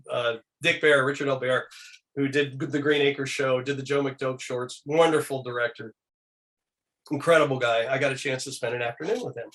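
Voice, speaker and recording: A man being interviewed as a guest, telling animated anecdotes and slipping into quoted voices. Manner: animated, acts out quoted voices with big pitch jumps. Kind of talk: lively anecdotal storytelling.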